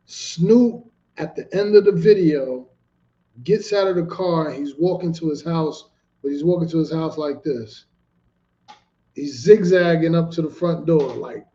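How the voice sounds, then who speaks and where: A man hosting a casual show, telling a story in an animated, profane way and repeating himself for emphasis. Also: a little high. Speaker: host. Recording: dull lo-fi recording.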